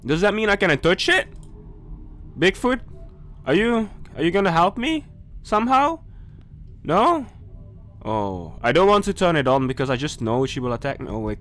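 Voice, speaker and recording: A gaming YouTuber with a fairly high, slightly bright voice commentates a horror game playthrough. Jumpy and nervous, he talks himself through the scares and speaks straight to viewers and to the game's characters.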